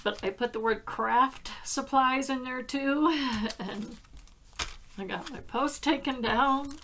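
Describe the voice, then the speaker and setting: A woman's voice: high-pitched, slow pace, noisy background. A woman hosting a crafting vlog, chatting in a heartfelt way and laughing often. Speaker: card-making crafter. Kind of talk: casual crafting vlog chat.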